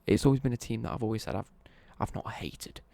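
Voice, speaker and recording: A young man talks through a live stream at home, rambling and self-correcting as he answers viewers. His voice is mellow, dark and edged with gravel. The sound is dry and close. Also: fairly low pitch, fast, dry recording, whispered. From East Midlands, England.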